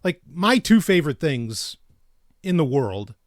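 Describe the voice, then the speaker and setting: Male podcast co-host, slightly high, very lively pitch, rambling and laugh-prone, dry studio sound. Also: no room sound. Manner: rambling, self-interrupting, quick to laugh. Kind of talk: casual chat.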